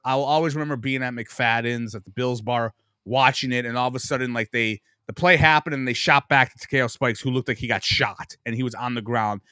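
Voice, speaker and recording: A man's voice: medium pitch, pushed and bright, dry recording, clean studio sound. A man in his forties from Buffalo, guest on a sports talk podcast, telling long profane stories with self-mocking humor. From Buffalo, New York. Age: 40s. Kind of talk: casual sports chat.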